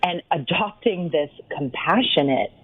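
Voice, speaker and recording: A woman's voice: on the low side, animated, unhurried. A woman guest talking about wellness in casual chat, earnest and encouraging, sometimes acting out an inner voice. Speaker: podcast guest, wellness coach. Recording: dry, dull lo-fi line.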